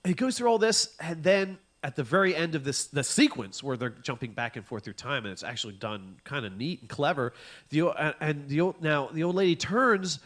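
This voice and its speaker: A man's voice: on the high side, a little fast, fairly bright tone. A man co-hosting a comedy podcast, ranting animatedly and profanely, often acting out his own exasperated reactions. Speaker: podcast co-host. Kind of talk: casual comedic chat.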